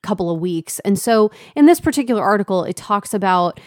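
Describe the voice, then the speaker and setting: A woman's voice: mid-range voice, lively intonation, fairly quick, no echo, studio quality. A woman co-hosting a casual market talk show, conversational and laughing easily, with lots of fillers. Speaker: co-host.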